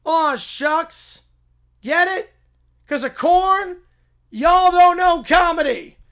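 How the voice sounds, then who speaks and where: A man playing a goofy young man who shouts the same corn pun catchphrase again and again, in a comedic read-aloud. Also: very high-pitched, very slow, pitched above the performer's own voice, heavily acted. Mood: goofy, shouting.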